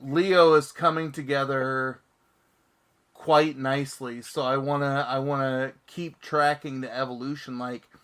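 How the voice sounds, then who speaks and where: A man's voice: medium pitch, level tone, a little slow, fairly bright tone, clean tone. A man hosting a casual comics chat show and reading viewer comments aloud. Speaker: podcast host.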